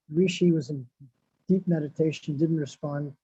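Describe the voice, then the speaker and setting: A man's voice: on the high side, fairly even intonation, moderate pace, dark tone, slightly rough, no room sound. A man giving a devotional sermon, repeating phrases for emphasis and reciting Sanskrit verses. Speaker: devotional speaker. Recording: dull lo-fi, dry sound.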